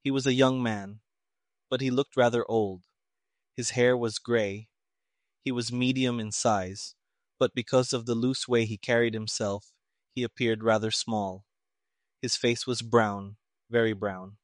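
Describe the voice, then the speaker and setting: Guy reading an audiobook, steady measured pace, super dry sound. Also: mid-range voice, no room sound. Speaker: narrator. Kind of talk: audiobook narration.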